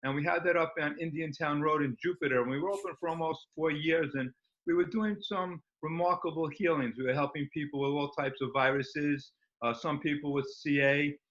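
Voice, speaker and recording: A man's voice: a little high, fairly even intonation, fairly quick, fairly bright tone. A man speaking as an interview guest, rambling and enthusiastic with many fillers. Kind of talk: casual interview talk. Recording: dull lo-fi recording.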